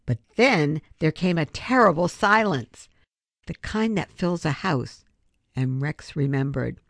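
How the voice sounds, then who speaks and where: Low-voiced woman reading a children's book. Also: animated, unhurried, dry recording. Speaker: storybook reader.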